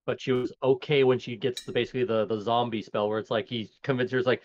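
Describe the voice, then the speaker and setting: A man joins in with wry, joking remarks during a relaxed chat. His voice is at an average pitch for a man. The audio sounds muffled and lo-fi, as if it comes through a remote call. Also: quick pace. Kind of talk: casual chat.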